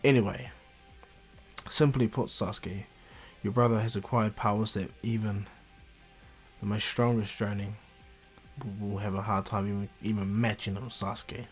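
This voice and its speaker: A man voicing a calm, weary adult ninja teacher who speaks low and measured. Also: faint music behind, lightly acted. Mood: grave.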